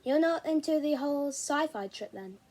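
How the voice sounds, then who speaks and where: A woman's voice: high voice, expressive, normal speed, a little mellow. A woman reading aloud, voicing an easygoing adult man who chats casually. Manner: casual, chatty.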